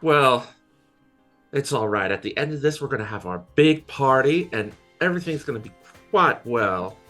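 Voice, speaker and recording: A woman voicing a calm, reassuring cat character in a tabletop game, in a slow, soothing way. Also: extremely low pitch, faint music behind.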